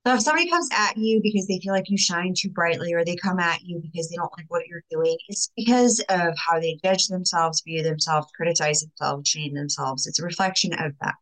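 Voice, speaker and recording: A woman's voice: lowish voice, fairly quick, hardly any pauses, a bit bright, poor audio. A young adult woman coaching women in faith-based self-confidence, talking casually and emphatically to her viewers with many fillers. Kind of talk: casual vlog talk to viewers.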